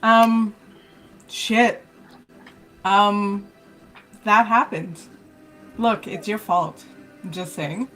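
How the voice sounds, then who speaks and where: Slow-talking woman running the game. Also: mid-range voice, a bit bright, faint music behind. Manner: casual, swears freely. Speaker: dungeon master. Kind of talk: running a tabletop game on stream.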